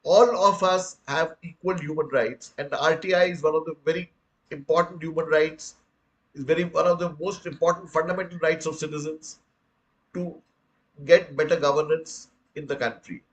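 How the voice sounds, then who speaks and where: A man's voice: a little high, fairly even intonation, moderate pace, rough recording. Earnest older Indian man lecturing. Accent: Indian English. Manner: earnest, rhetorical, addresses listeners as friends. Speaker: guest speaker. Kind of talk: public lecture.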